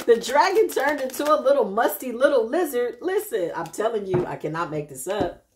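A woman giving a casual spiritual tarot reading, talking straight to her viewers in a chatty way with frequent tag questions. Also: mid-range voice. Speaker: intuitive spiritual reader.

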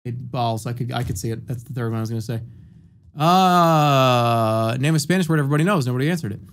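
A man's voice: medium pitch, quick pace. A man in his thirties streaming from home, reading out chat answers and joking through a quiz game. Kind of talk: casual livestream commentary.

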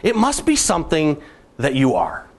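Animated man giving a comic keynote. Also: fairly high pitch, normal speed. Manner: animated, comic storytelling with punchlines. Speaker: keynote speaker. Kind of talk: motivational keynote speech.

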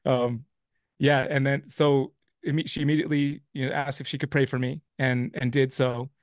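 A man's voice: medium pitch, little pitch movement, normal speed, no room sound, studio quality. A man telling a personal faith testimony as a guest, rambling along with restarts and acting out what people said. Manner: rambling, with many restarts and quoted dialogue.

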